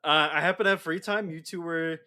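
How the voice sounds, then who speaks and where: A man's voice: fairly high pitch, steady tone, a little fast, pushed and bright. A man co-hosting a casual podcast, loose and laughing easily, with plenty of casual filler words. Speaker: podcast co-host.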